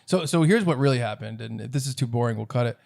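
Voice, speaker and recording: A man's voice: mid-range voice, expressive, fast talker, creaky, a little mellow. A man co-hosting a comedy podcast, telling a long story in casual chat, acting out both sides and laughing often. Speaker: podcast co-host.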